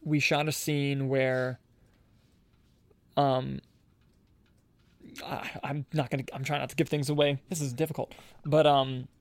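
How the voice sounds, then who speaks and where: A man's voice: mid-range voice, creaky, dry recording. A young man hosting a casual podcast, rambling and restarting his sentences often, with frequent laughter. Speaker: podcast host and filmmaker.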